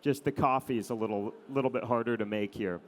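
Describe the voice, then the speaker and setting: A middle-aged man, a photographer, telling anecdotes to an audience in a relaxed storytelling manner with frequent "um" and "you know". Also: medium pitch, quick pace, slight background noise. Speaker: adventure photographer giving a talk.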